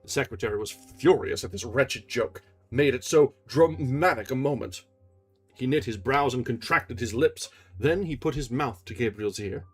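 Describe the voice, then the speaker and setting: A man reading a classic novel aloud on a livestream, steady narration with casual asides. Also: medium pitch, moderate pace, breathy edge, faint music behind. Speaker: audiobook reader on a livestream.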